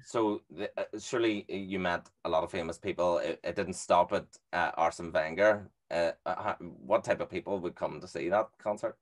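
A man hosting a podcast, asking questions in a relaxed, eager way like a fan. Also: low-pitched, normal speed, hardly any pauses. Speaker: podcast host. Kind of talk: casual interview chat.

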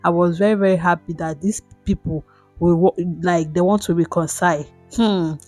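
A woman's voice: lowish voice, steady tone, normal speed, darkish tone, dry recording. A Nigerian-accented woman hosting a blog, chatting directly to her viewers. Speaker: blog host. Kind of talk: casual commentary to viewers. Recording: dry close sound with faint music.

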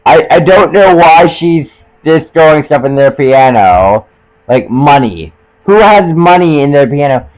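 A man's voice: fairly high pitch, lively intonation, measured pace, darkish tone, low-quality recording. A young man giving casual, joking commentary while playing a video game, often stumbling over his words and poking fun at himself. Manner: joking, self-mocking, trips over words. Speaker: let's play gamer.

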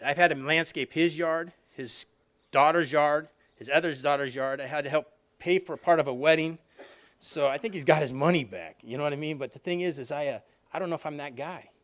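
Speaking fast in a slightly high, somewhat bright voice, a man shares his personal recovery story with an audience at an alumni reunion. He tells it conversationally, often restarting and saying "you know what I mean."

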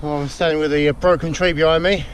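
A man in his forties from England, vlogging his own night run up a dark muddy hill with a camera, muttering complaints, swearing and singing along to his music. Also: a little high, fairly even intonation, fast. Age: 40s. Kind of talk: breathless running vlog with bursts of singing. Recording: outdoor noise on a camera mic.

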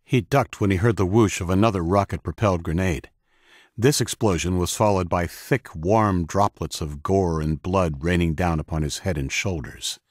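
A man with a very low voice narrates an audiobook in a steady, measured way. The recording is close-miked and completely dry. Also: breathy edge, no echo. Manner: steady, measured reading of action scenes. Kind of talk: scripted narration.

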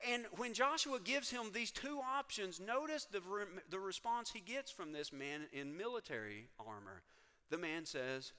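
A man's voice: high voice, animated, measured pace, pushed and bright. Emphatic male pastor in echoing church. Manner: emphatic and storytelling, with rising energy on key points. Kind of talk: sermon. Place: church sanctuary.

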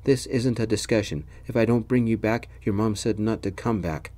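A man's voice: lowish voice, moderate pace, mellow, natural voice. A man playing a grumpy English father. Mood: stern. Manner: grumbling, commanding. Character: middle-aged English father, grumpy and stern. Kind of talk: whispered role-play.

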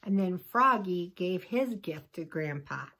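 Teacher lady reading a kids' book, slow and chatty, asks the kids stuff. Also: on the low side, expressive, bright, forceful tone, slight background noise, poor audio. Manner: chatty asides to young listeners. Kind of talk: picture-book read-aloud.

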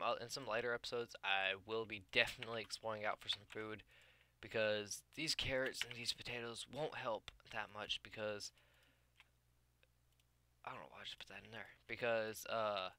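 A man's voice: on the low side, sharp tone, slight background noise. A tired young man giving casual gameplay commentary on his video channel, rambling, losing his train of thought and filling gaps with "uh" and "like". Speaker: gaming YouTuber.

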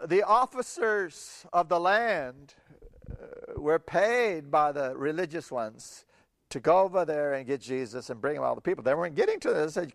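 A man preaching a sermon, telling a Bible story with animated voices for the people in it and laughing often. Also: high-pitched, moderate pace, gravelly, no room sound, studio quality.

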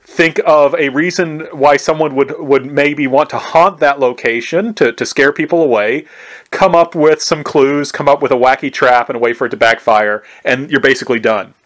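A history professor with a mid-range, fairly bright voice gives a conversational recorded lecture at a moderate pace. He often asks "right?" and restarts his sentences.

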